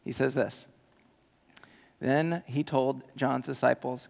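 A male pastor preaching a sermon with animated, jokey storytelling and earnest appeals to the listeners. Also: mid-range voice, takes it slowly, creaky, long pauses. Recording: long hall reverb.

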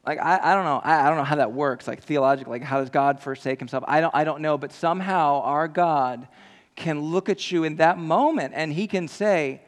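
A man preaching a sermon in a large room, impassioned, swinging from loud cries to hushed musing. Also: fairly high pitch, fairly quick. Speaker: pastor. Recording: long reverb in a large hall.

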